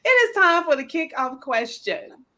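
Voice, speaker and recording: A woman leads a casual sports talk show in a playful, chatty manner. Her voice sits fairly high and swings lively up and down. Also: a little slow. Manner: playful, chatty, laughs at herself. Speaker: podcast host. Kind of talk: casual chat.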